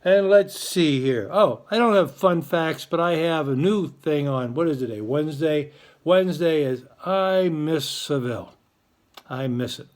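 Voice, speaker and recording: Brief: male school morning-show host, encouraging and chatty, a fairly high voice. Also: measured pace.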